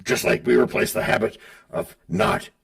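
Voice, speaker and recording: Gravelly dry-toned podcast co-host man. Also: high voice, lively intonation, normal speed, a bit bright, far from the mic. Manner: dry, questioning, asks for explanations. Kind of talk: casual podcast banter.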